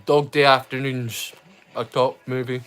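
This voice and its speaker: A man's voice: medium pitch, flat delivery, unhurried, a bit bright, smooth, faint music behind. A man, chatting casually and rambling as he hosts a movie watch-along livestream. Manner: chatty, rambling, self-correcting. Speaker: livestream host.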